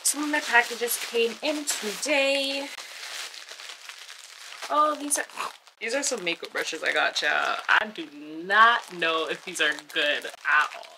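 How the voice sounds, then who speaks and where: A young woman vlogging casually, chatty and expressive with lots of slang. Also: on the high side, slow, background noise. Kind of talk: casual vlog chat.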